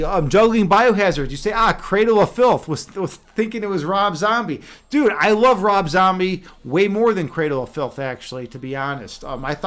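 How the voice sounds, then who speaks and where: A man's voice: fairly high pitch, fairly bright tone. A young adult man chatting casually on a live stream, telling stories and reading chat, with many fillers and restarts.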